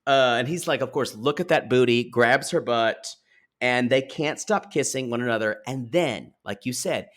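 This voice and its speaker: A man co-hosting a podcast, recapping a reality TV episode in gossipy, animated casual chat and speaking to listeners as y'all. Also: medium pitch, moderate pace. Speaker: podcast co-host.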